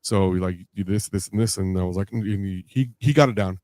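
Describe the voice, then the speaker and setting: Male guest on a talk podcast, lively storyteller, close dry mic. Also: low-pitched, fairly quick, no room sound. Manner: animated storyteller, acts out quoted voices with laughs. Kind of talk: casual podcast chat.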